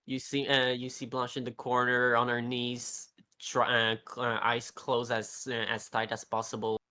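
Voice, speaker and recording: A player in a casual tabletop role-play, speaking haltingly with many pauses and fillers. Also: mid-range voice, monotone, sharp tone. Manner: halting, lots of uhs, narrates her character.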